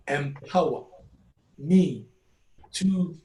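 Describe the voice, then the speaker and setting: A man's voice: a little high, slow, darkish tone. A man with a Ghanaian accent teaching a music lesson, patiently repeating words syllable by syllable. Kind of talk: classroom lesson mixing Twi and English. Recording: echoey room.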